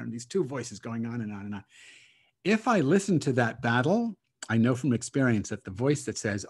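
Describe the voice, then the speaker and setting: A rabbi speaking as a guest on a video call, reflective and hesitant, laughing often between thoughts. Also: male voice, mid-range voice, sing-song, a little fast, darkish tone, husky. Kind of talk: casual spiritual talk over video call.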